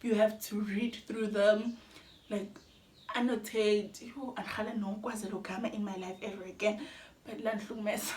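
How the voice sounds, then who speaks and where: A woman's voice: mid-range voice, steady tone, fairly quick, reverberant. Candid young South African woman vlogging. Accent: South African, Xhosa-speaking. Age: young adult. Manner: candid, chatty, mixes in Xhosa phrases, laughs between sentences. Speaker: YouTuber. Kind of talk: personal storytelling vlog.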